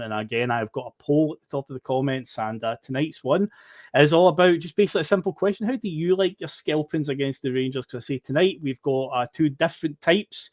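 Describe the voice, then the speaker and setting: A man's voice: fairly high pitch, no echo, clean studio sound. A Scottish man hosting a football podcast, chatty and upbeat, often laughing. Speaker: podcast host. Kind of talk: casual football podcast chat.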